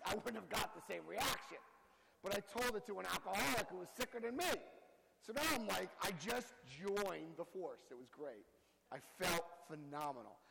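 A man speaking to a recovery group, telling his own story with lively acted-out quotes. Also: high voice, vocal fry, long reverb tail, a little hiss or hum, low-quality recording. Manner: storytelling, acts out quotes with big voice jumps. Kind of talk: animated personal talk to a group.

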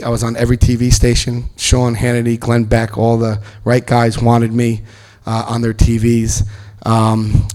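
Man telling his story to a crowd. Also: medium pitch. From New Jersey, US. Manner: animated storyteller acting out other people's lines, bursts of loud excitement. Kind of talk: personal storytelling speech.

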